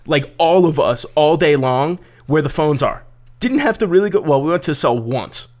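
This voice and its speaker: A young man telling a story on a casual podcast, swearing freely and acting out what people said in loud, raised voices. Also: moderate pace. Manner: profane, animated, acts out quotes in loud high voices. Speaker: podcast co-host.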